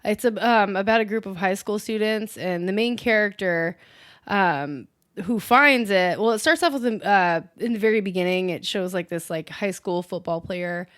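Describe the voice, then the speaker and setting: A woman's voice: medium pitch, moderate pace, fairly bright tone, clean tone, no echo, clean studio sound. A young woman co-hosting a casual movie review chat, talking chattily with many filler ums. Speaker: co-host.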